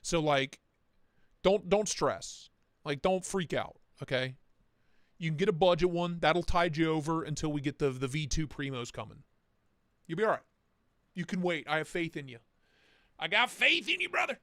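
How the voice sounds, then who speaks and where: A man's voice: on the high side, animated, normal speed, pauses often, a bit bright, dry recording. A young man hosting a casual livestream, chatting loosely with his viewers, swearing freely and reading their comments aloud. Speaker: livestream host.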